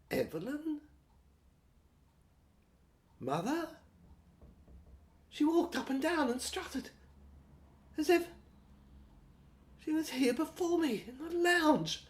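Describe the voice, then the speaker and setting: A woman reading a first-person audio novel in a dreamy, wandering, halting way. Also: sits high. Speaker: narrator.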